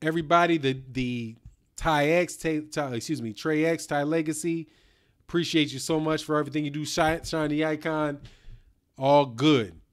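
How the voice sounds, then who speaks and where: A man's voice: fairly high pitch, steady tone, normal speed, clear, resonant tone. A man hosting a casual live stream, talking loosely in slang, reading out viewer comments and a little tipsy from whiskey.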